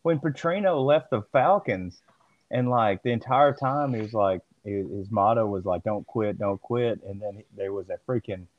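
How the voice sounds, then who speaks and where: A man with a fairly low voice rants bluntly in casual chat, swearing with open disgust. The recording is dry, with no room sound, and a little muffled. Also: normal speed, no echo.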